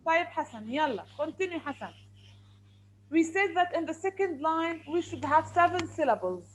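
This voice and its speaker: A woman's voice: very high-pitched, animated, brisk, a little hiss or hum, poor audio. A woman teaching an online English lesson over a video call, asking questions over and over in a firm way.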